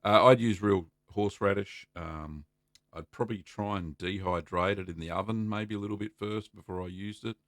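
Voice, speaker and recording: A middle-aged Australian man hosting a casual live stream, chatty and relaxed, greeting viewers by name and filling pauses with ums. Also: fairly low pitch, dry recording, studio quality. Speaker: livestream host answering cheesemaking questions.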